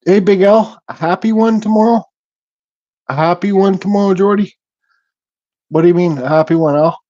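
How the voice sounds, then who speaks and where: A man's voice: high voice, moderate pace, highs cut off. A man hosting a casual livestream, chatting easily and reading out viewers' comments while he works in his home workshop. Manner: relaxed, reads chat comments aloud, mumbles. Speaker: livestream host.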